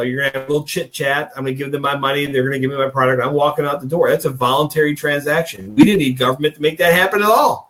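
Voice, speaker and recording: A man's voice: mid-range voice, steady tone, racing, hardly any pauses, a bit bright. A man co-hosting a political podcast, talking in a folksy, rambling, emphatic way and acting out little dialogues. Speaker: podcast co-host. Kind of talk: casual political talk. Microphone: video call.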